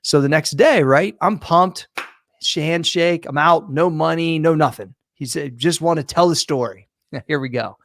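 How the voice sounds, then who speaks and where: Podcast co-host, man, swears a lot, animated storyteller, fairly high voice, dry sound. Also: normal speed, creaky, no room sound. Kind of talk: casual chat.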